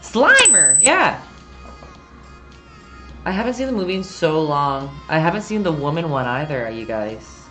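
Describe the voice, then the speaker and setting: A woman's voice: low voice, very animated, unhurried, pauses often, sharp tone, faint music behind. A woman giving a casual, rambling live-stream painting lesson, chatty and self-deprecating, often giggling.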